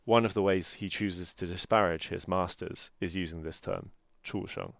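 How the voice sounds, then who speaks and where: Very deep-voiced man explaining a novel. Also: fairly even intonation, normal speed, creaky, no room sound, studio quality. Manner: explanatory, careful, pronounces Chinese terms. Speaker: podcast co-host. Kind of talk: casual book discussion.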